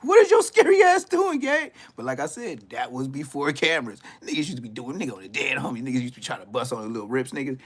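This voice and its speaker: Roasting people on a YouTube live stream, this fifty-something Los Angeles man uses loud, mocking street talk in an LA accent. He laughs a lot and leaps into high-pitched bursts, firing words off rapidly with barely a pause, and his voice is a bit rough.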